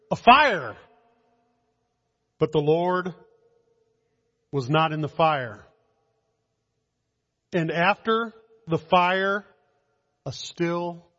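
A man preaching a communion sermon, slow and measured, with dramatic pauses and soft drops in his voice. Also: high voice. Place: church hall. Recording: dull sound in a long-echoing hall.

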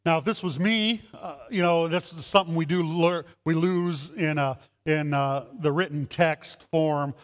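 High-voiced pastor preaching in a reverberant hall. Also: male voice, unhurried, few pauses. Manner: animated, acts out voices in his stories. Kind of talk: sermon.

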